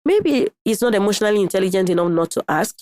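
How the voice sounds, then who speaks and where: A middle-aged woman coaches newlyweds in an animated, conversational podcast voice. She keeps checking in with her listeners and slips into quoted voices as she acts out spouses' lines. The sound is close and dry, with no room around it. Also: mid-range voice, fast talker, no room sound. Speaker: marriage coach guest. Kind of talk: podcast advice talk.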